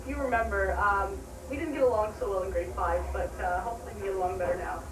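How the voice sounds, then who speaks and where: A woman's voice: medium pitch, steady tone, fast, noisy background. A young adult woman telling a childhood story on camera, giggling and acting out her own lines. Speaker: old classmate telling a story. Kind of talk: casual anecdote to camera. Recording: echoey room, distant mic, crowd chatter.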